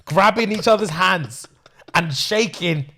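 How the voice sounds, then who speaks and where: A man, hosting a podcast and telling an animated story, laughing often and acting out what others said. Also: high voice, a little slow. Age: 20s. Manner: excitable, laughing often, acts out quotes. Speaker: podcast host.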